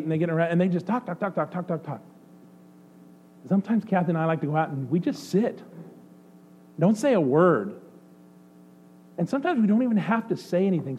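A male pastor preaching a sermon, swinging between excited outbursts and soft, hushed passages. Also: a little high, muffled recording. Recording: faint mains hum. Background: faint electrical hum.

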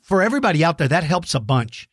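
Middle-aged male kids' show host, enthusiastic and encouraging, slightly high, dry close mic. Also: very animated, fast, husky, dry recording. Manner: enthusiastic, encouraging, explains simply. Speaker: host answering kids' dinosaur questions. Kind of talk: friendly kids' show chat.

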